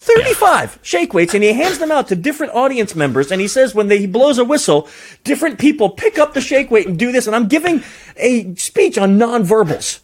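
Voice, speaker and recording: Animated man telling a wild story. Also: fairly quick. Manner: animated, voice jumps high when excited. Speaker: podcast guest. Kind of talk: casual storytelling.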